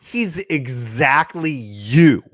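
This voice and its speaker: A man's voice: mid-range voice, expressive, drawn-out words, no echo. A man quoting his amused teenage sister in a story, close to his own voice.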